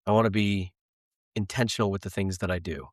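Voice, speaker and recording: A man's voice: sits low, fairly even intonation, a little fast, no echo, clean studio sound. A man in his thirties, a podcast guest talking candidly and earnestly about faith and family. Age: 30s. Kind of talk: casual faith conversation.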